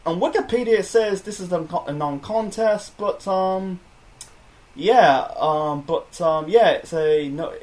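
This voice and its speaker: Rambling casual man, slightly high voice. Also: measured pace, a little mellow. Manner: rambling, many fillers and self-corrections. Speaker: wrestling review host. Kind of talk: casual solo review chat.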